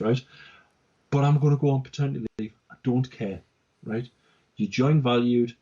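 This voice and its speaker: A man's voice: medium pitch, steady tone, moderate pace, pauses often, dark tone, husky, dull audio. A man co-hosting a casual business chat, talkative, tagging his sentences with "right?" and "yeah?". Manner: chatty, repeats "right?" and "yeah?". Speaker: company director, co-host.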